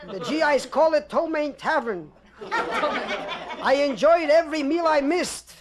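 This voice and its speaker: High-voiced man telling one-liners. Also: expressive, a crowd in the background. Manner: rapid-fire one-liners. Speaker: stand-up comedian. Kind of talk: stand-up comedy monologue. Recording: crackly vinyl record with clicks.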